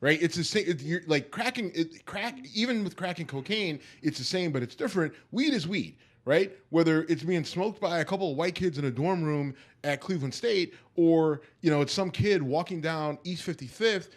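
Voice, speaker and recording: A man's voice: fairly high pitch, animated, moderate pace, hardly any pauses. A man co-hosting a podcast, arguing his point emphatically in casual chat and checking in with "right?". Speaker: podcast co-host.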